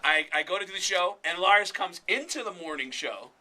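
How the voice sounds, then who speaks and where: A man, a comedian, telling an animated story on a radio show, acting out the voices. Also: high voice. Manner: animated, fast, acts out voices. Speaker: guest comedian. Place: radio studio.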